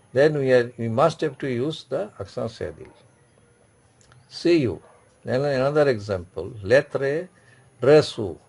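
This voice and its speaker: Gravelly-voiced man teaching a class. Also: mid-range voice, a little mellow. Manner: repetitive, explains slowly with many restarts. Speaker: French teacher. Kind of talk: classroom lecture.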